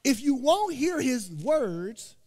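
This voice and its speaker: A pastor from Indiana preaching a sermon, joking and calling out to his congregation in an animated way. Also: very high-pitched, slow pace. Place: church sanctuary. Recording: long church hall reverb.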